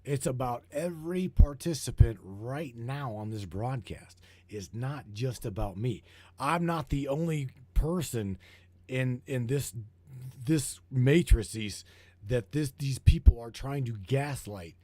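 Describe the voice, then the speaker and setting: A man hosting a broadcast, talking in a heated, profane, rambling way and repeating himself, his voice getting hoarse. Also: mid-range voice, animated, takes it slowly, a little mellow, no room sound. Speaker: broadcast host. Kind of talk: rambling conspiracy talk show.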